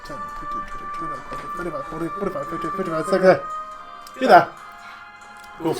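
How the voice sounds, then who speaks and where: A man's voice: a little high, fairly even intonation, a little fast, music in the background. A man running a tabletop game as dungeon master, narrating in a chatty way with lots of fillers and laughs.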